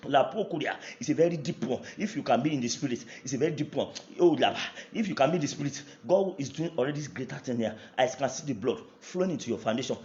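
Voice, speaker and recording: A man's voice: on the high side, echoey room, lo-fi sound. A man with a Nigerian English accent preaching a fervent prayer sermon, repeating declarations with rising intensity. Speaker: pastor.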